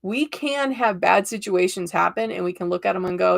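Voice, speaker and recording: Chatty, upbeat woman with a gravelly edge. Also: medium pitch, fairly quick, few pauses. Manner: upbeat, chatty, storytelling with many "right?" tags. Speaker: tarot reader and livestream host. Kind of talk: casual livestream chat.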